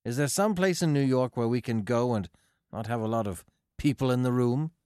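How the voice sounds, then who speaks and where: A man's voice: medium pitch, normal speed, mellow, clear, resonant tone, dry recording, studio quality, voice pushed up, lightly acted. A man voicing an awkward seventeen-year-old boy in an audiobook, blunt and earnest. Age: teens. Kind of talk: audiobook character voice.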